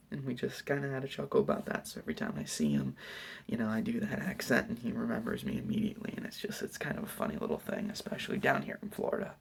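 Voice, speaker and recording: Gravelly young man in soft whispers. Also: mid-range voice, big pitch swings, quick pace. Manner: soft, hesitant, rambling whisper with many fillers. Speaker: YouTuber answering questions. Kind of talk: whispered ASMR Q&A. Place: home at night.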